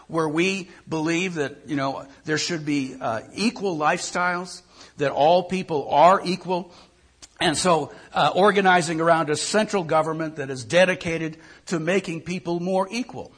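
A man's voice: on the high side, normal speed, fairly bright tone, breathy edge. An older male pastor giving a conversational sermon, often repeating words as he thinks.

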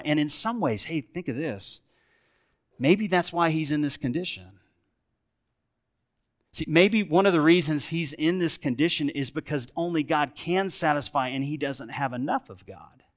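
Preaching man with a conversational style. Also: a little high. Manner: conversational preaching, asks the congregation questions; swings between lively emphasis and quiet reflection. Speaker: pastor. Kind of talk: sermon.

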